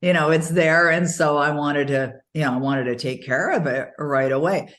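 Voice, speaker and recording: Low-voiced woman telling a story. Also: normal speed. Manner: animated storytelling, frequent laughs. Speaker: interview guest. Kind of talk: casual interview conversation.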